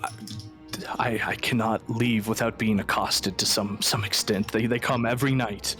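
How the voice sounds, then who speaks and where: A man's voice: lowish voice, fairly even intonation, a bit bright, faint music behind, lightly acted. A man playing a stammering, grieving village woman. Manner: stammering, halting. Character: wary young village woman, grieving, tough.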